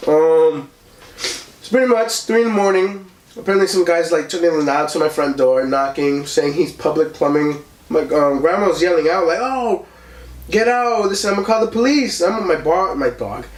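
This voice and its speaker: Animated young man telling a story, echoey room. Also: on the high side, normal speed, distant mic. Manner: animated, acts out voices in his story, many likes and ums. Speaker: podcast host. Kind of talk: casual storytelling chat.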